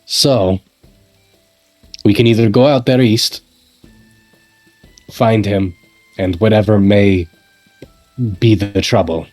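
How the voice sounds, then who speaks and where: A man voicing a stern, suspicious male adventurer in a tabletop role-playing game, speaking in a measured, insistent way. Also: lowish voice, fairly even intonation, a little mellow, faint music behind. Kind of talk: in-character tabletop role-play.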